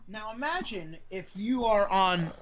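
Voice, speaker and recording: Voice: mid-range voice, animated, measured pace, a bit bright. A podcast co-host in casual live-stream chat, ranting with exasperation and plenty of swearing. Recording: dull lo-fi audio.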